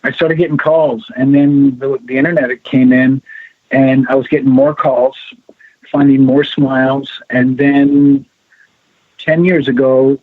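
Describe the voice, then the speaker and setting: A middle-aged man, the guest, telling lively stories on a call-in show and acting out the people in them. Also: mid-range voice, slow pace, dry recording. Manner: animated storyteller acting out quoted voices. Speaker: guest, founder of a ring-finding directory. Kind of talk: storytelling on a call-in radio show. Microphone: phone. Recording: tinny phone line, dry.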